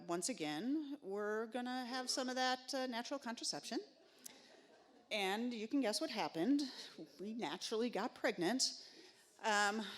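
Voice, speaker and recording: A woman telling a personal story live on stage into a microphone, conversational and wry, with many filler sounds. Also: mid-range voice.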